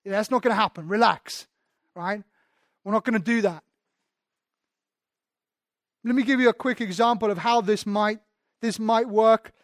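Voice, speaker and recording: A man's voice: high-pitched, normal speed, long pauses, no room sound, studio quality. A man preaching a sermon as pastor, candid and self-deprecating, often restarting his sentences.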